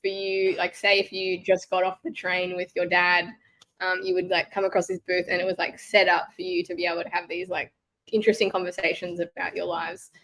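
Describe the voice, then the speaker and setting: A woman's voice: on the low side, monotone, brisk, a bit bright. A woman co-hosting a casual podcast, chatty and full of "like", her voice a little sick. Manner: chatty, lots of "like". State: slightly sick voice. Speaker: podcast co-host. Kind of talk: casual chat.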